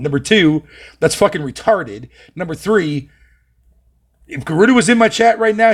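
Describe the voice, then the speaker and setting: A young man from Canada chatting on a live stream, reading his chat aloud with profane, mocking banter. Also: a little high.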